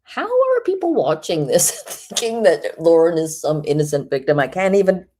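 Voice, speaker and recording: A low, dark-toned woman hosts a livestream and reacts to a clip with mocking sarcasm. Her pitch swings widely as she comments. She talks casually and laughs often. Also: very animated, moderate pace. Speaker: host reacting to a video.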